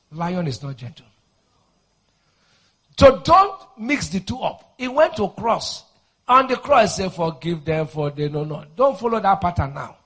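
A male preacher delivering a fiery deliverance sermon, his voice husky and pitched high. He swoops widely in pitch, bursting into shouted declarations and then dropping low to explain. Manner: shouting, forceful declarations, swings to low intensity.

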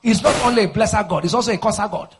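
A man preaching a fiery deliverance sermon, shouting forceful declarations and then dropping into quieter explanation. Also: racing, a little hiss or hum. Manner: shouting, forceful declarations, swings to low intensity.

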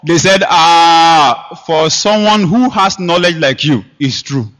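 A man preaching a sermon, emphatic, with sharp rises and quiet drops. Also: a little high, slow. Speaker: pastor. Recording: long hall reverb.

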